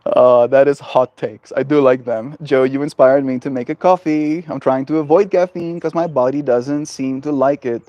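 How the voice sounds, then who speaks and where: A man streaming live from a porch, chatting with his viewers in a gentle, rambling way full of fillers. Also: mid-range voice, a little slow, no echo. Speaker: livestreamer. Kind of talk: casual chat with viewers. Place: outdoors on a porch.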